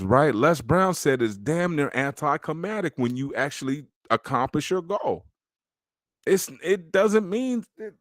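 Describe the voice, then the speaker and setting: A man's voice: on the high side, no room sound, studio quality. A man hosting a podcast, giving a casual, streetwise motivational talk about faith. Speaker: podcast host.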